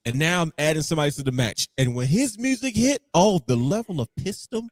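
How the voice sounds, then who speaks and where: A man's voice: on the high side, animated, fairly quick, no echo. A man co-hosting a podcast in casual chat, telling stories animatedly and acting out his own reactions. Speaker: podcast co-host.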